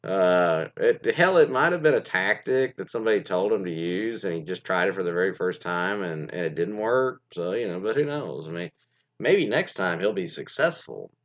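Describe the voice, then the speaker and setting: A man with a low, animated voice talks at a normal pace as a casual host, reacting to reader stories with rambling commentary full of fillers and restarts. The recording has a dull, lo-fi sound.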